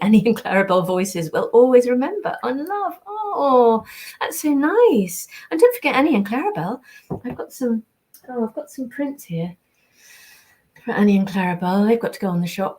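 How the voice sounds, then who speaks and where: An older voice actress, born in the US and raised in England from age seven, chats on a livestream while reading fan messages and signing prints. Her voice is on the high side and a little mellow, and her talk is chatty and rambling, full of ums and restarts.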